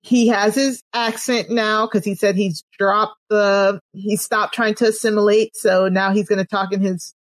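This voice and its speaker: A woman's voice: medium pitch, little pitch movement, unhurried, few pauses, no echo. A woman co-hosting a casual podcast, chatting with frequent restarts and laughs. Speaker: podcast co-host. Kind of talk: casual wrestling podcast chat.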